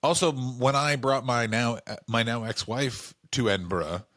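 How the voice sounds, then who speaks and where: A man's voice: medium pitch, normal speed, a bit bright. A male comedian co-hosting a podcast, telling stories animatedly with swearing and mock voices. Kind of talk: casual comedic chat.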